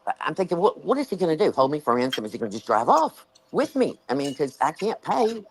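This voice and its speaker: A woman with a Southern US accent, hosting a show and telling a story in casual chat, animated and acting out the voices she quotes. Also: low voice, fast talker, a little hiss or hum, rough recording. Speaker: show host.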